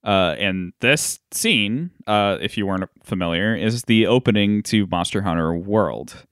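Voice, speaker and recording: Male podcast co-host, lowish voice, hesitant and musing, dry close mic. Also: expressive, measured pace, fairly bright tone, dry recording. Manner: thoughtful, hesitant with many ums. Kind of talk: casual chat.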